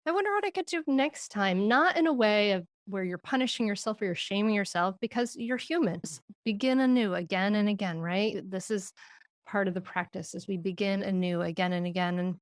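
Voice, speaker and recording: Gentle reflective woman guest. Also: mid-range voice, brisk, dry recording, studio quality. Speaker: podcast guest, parenting expert. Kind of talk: interview conversation.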